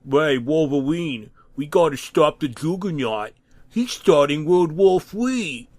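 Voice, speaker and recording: A man's voice: fairly high pitch, lively intonation, slow, darkish tone, dry recording, pitched above the performer's own voice. A man doing a frantic cartoon professor. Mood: urgent. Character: excitable elderly male professor in a cartoon.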